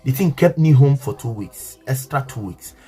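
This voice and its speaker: A man's voice: mid-range voice, lively intonation, moderate pace, mellow, breathy edge, faint music behind. A man with a Nigerian English accent telling an emotional story to his viewers, earnest and repetitive, often asking if they understand.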